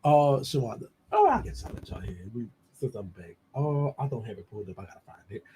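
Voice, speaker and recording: A man hosting a casual livestream gossip show, animated and camp, chatting directly to his viewers. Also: medium pitch, fast, a little hiss or hum. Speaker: show host.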